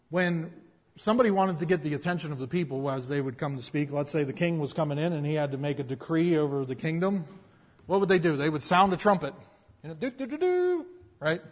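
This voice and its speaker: A man preaching a sermon in a conversational, emphatic way, often checking in with his listeners. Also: fairly high pitch. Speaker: pastor. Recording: long hall reverb.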